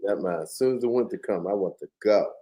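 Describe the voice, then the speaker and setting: A man with a very low, mellow voice speaks over a video call. He is laid-back in conversation and steady when reciting a prayer. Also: fast. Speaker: guest co-host. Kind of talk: casual chat and recited prayer.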